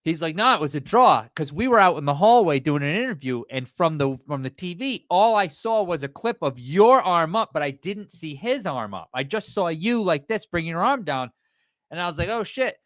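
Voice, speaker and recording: A man co-hosting a podcast with a fairly high, very lively voice that swings around as he talks. He acts out quotes, swears casually, and the sound is close and dry. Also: moderate pace, dry recording. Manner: animated, swearing, acts out stories. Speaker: podcast co-host.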